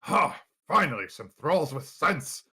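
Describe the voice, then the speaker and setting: A man's voice: fairly high pitch, big pitch swings, unhurried, pushed and bright, slightly rough, full character voice. A man voicing an imperious, scornful thing trapped in a box, which orders everyone around as its thralls. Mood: haughty.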